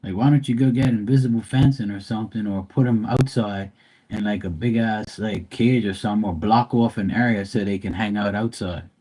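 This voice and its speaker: Guy on a live stream, cussing a lot, low husky voice, kinda dark and mellow. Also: steady tone, brisk. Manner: blunt, profane, rambling. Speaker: livestream host. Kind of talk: casual live-stream chat with viewers.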